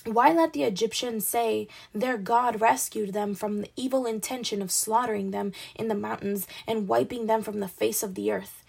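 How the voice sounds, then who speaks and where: Reading a Bible passage in a relaxed way, this woman has a fairly high, steady voice that is gravelly, darkish, and breathy at the edges. She keeps a moderate pace with hardly any pauses, tripping over words, apologizing, and laughing at her errors.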